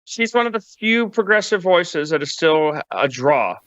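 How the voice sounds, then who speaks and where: A man gives wry political commentary, stumbling into restarts as he goes. His voice is bright and crisp, with a dry and slightly dull sound. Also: fairly high pitch, sing-song, measured pace, no room sound.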